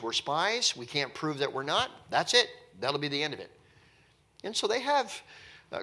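A man's voice: mid-range voice, sharp tone. A man teaching from the Bible verse by verse, reading scripture aloud and then explaining it in plain, conversational talk. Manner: acts out the characters' speech in a conversational way.

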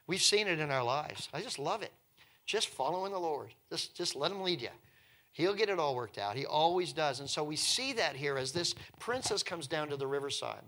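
A male preacher giving a sermon as animated storytelling, swinging from hushed to loud and often repeating words. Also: on the high side.

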